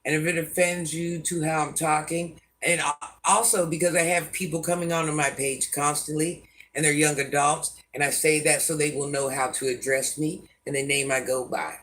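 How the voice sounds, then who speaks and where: A woman's voice: sits low, fairly even intonation, normal speed, a bit bright. An older woman hosting a casual livestream, answering viewer comments bluntly and sassily, often talking about herself in the third person. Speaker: livestream host.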